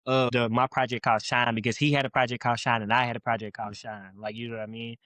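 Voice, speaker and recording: Fast-talking young rapper, slangy. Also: male voice, medium pitch, level tone, fairly bright tone, dry recording. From Louisville, Kentucky, US. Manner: rambling, slangy, laid-back. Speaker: guest rapper. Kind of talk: casual podcast interview.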